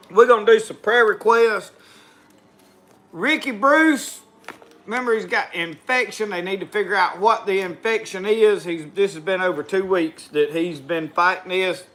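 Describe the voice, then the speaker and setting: A man's voice: high voice, pushed and bright. A middle-aged man with a Southern US accent hosting a casual livestream in a folksy drawl, closing with a spoken prayer. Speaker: livestream host.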